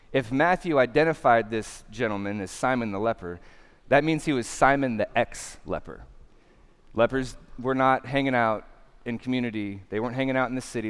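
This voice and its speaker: Male pastor, sermon, smooth clear voice, laid-back slangy delivery with lively asides. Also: mid-range voice. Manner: casual slangy preaching, animated asides. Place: church.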